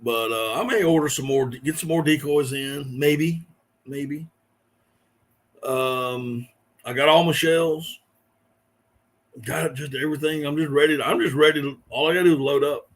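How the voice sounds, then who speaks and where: A middle-aged man chats casually with his live-stream viewers. His voice sits a little high, and he rambles through his stories with frequent chuckles. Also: moderate pace, long pauses. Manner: rambling storyteller, chuckling often.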